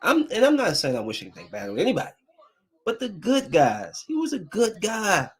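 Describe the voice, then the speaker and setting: A man's voice: high voice, wildly swooping pitch, fairly quick, slightly rough. Casual heartfelt man hosting a podcast. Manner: loose and heartfelt, drifting between grief and upbeat chatter. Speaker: podcast host. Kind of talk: casual solo podcast talk.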